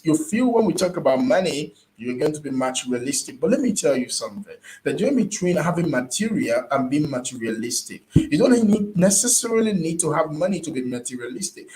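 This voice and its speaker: A man's voice: a little high, a little mellow, reverberant, slight background noise, low-quality recording. A man giving a motivational business talk, emphatic and repetitive in a preacher-like way. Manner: emphatic, repeats words, preacher-like stress. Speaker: business speaker.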